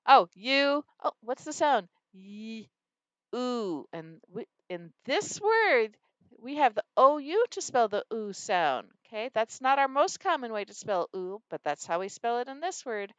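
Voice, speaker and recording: A woman's voice: a little high, a little slow, clear, resonant tone, no room sound. A woman reading teacher explaining a phonics game and acting out her students' answers. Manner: animated, acts out student answers.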